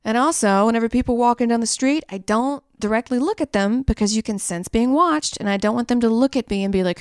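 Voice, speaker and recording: A woman's voice: on the high side, a little fast, smooth, no room sound, clean studio sound. A woman co-hosting a podcast in casual, rambling chat, laughing often and swearing easily. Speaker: podcast co-host.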